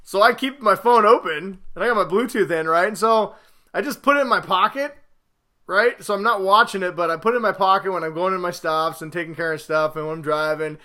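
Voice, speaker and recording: A man hosting a podcast, chatting casually and telling stories with rising excitement and rambling asides. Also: sits high, brisk. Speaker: podcast host.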